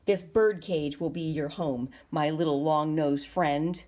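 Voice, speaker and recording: A woman's voice: sits low, measured pace, darkish tone. A woman doing a gloating villainous puppet master. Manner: gloating, threatening. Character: menacing male puppet master, greedy and cruel.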